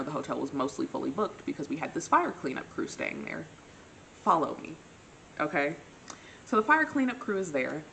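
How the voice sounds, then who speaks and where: A woman's voice: deep voice, vocal fry, a bit bright, slight background noise, poor audio. A young woman telling a dating story in a casual, dramatic storytime manner with playful asides. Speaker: vlogger.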